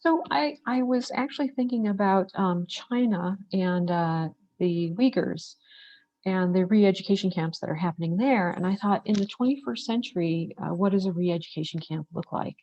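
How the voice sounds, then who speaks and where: A woman's voice: mid-range voice, normal speed, mellow, muffled recording. A woman guest presenter wrapping up a talk and then discussing ideas in a thoughtful way, with some fillers.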